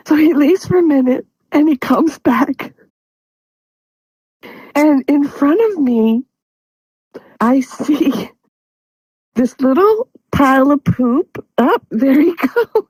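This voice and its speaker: A woman's voice: high-pitched, expressive, takes it slowly, pauses often, a little mellow, no echo, rough recording. A woman hosting a show, telling a funny story in casual chat and laughing through her words. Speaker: show host. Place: studio.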